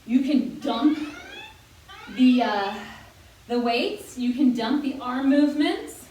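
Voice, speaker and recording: Her high-pitched voice is warm and unhurried as this young woman, a fitness instructor, leads a senior workout class, joking, chatting and cheering everyone on while exercising along. The room echoes heavily and she sounds far away.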